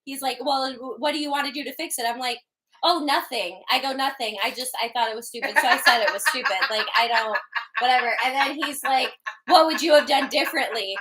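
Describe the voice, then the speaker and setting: A woman's voice: high-pitched, fairly quick, fairly bright tone, rough recording. A woman co-hosting a podcast in casual chat, telling long rambling stories full of filler words. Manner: rambling storytelling, heavy filler words, laughs. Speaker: podcast co-host.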